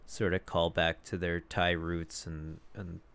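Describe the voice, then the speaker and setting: This young man's deep, fairly bright voice moves little in pitch, carries some vocal fry, and keeps a measured pace. He co-hosts a podcast from a home setup with a foam-windscreened mic, chatting casually, rambling and laughing frequently.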